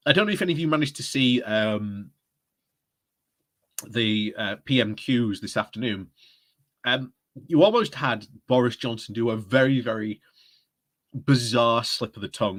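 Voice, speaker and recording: A man's voice: on the low side, a bit bright. A man hosting a casual live stream, chatty and often breaking into laughter as he talks. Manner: giggly, chatty, often laughing mid-sentence.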